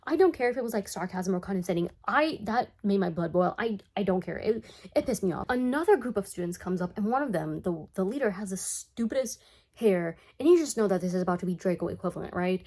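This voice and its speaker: A chatty woman recapping a cartoon for her channel, with sarcastic, animated asides. Her voice is mellow and warm rather than bright, and the delivery is loose and conversational. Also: medium pitch, quick pace. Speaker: commentary YouTuber. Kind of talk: casual comedic recap of a cartoon.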